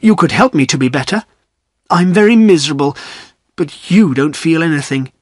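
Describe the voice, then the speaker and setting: A man voicing an earnest young gentleman who pleads and turns bitter, in a storybook reading. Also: on the high side, animated, normal speed, no echo, studio quality, voice pushed up. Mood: pleading.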